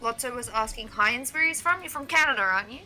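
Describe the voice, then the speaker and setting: Co-casting a card game stream over soft background music, an Australian woman in her twenties talks at length about her life in casual chat. Her voice is high, fast, pushed, and bright, and she's chatty, rambling, and quick to laugh.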